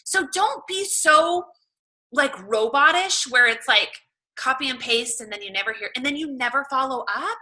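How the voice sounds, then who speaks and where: A woman's voice: high-pitched, animated, normal speed, pushed and bright, rough recording. A woman in her thirties with a Southern US accent, chatting casually and gushing as she coaches her fitness team. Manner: gushing, chatty, lots of "oh my gosh" and "like".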